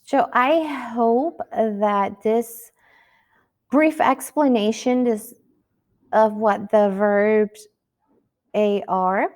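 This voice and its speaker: A woman's voice: mid-range voice, drawn-out words, long pauses, darkish tone. A woman teaching a Spanish lesson, speaking patiently and asking the listener rhetorical questions. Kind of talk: recorded classroom lesson.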